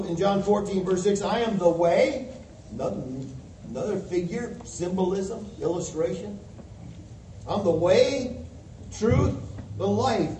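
High-voiced preacher in a roomy hall. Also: male voice, dark tone. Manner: emphatic, quotes scripture with rising fervor. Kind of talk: sermon. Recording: roomy distant mic with faint hiss.

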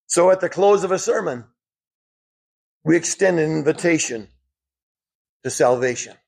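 A man preaching a sermon, rising emphatically when quoting scripture and dropping low for asides. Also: animated, normal speed, creaky, darkish tone, slightly rough.

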